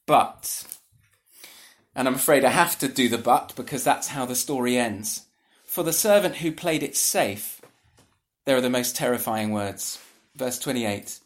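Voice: mid-range voice, lively intonation, a little slow. Earnest preacher giving a sermon. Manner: earnest, conversational, asks the audience rhetorical questions.

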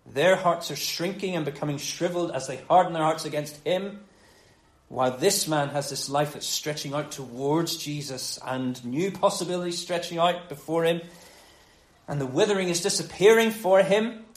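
A man preaching a sermon on a gospel passage in a conversational, animated way, dropping low and quiet for emphasis. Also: moderate pace, echoey room, low-quality recording.

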